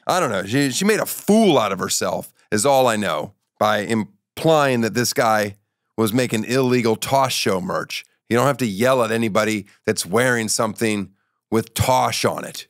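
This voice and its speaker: A man's voice: mid-range voice, animated, moderate pace, no room sound, clean studio sound. A man hosting a comedy talk show, joking and telling stories in a wry, offhand way. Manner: joking, wry, storytelling asides. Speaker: show host. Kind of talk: casual comedic interview and monologue.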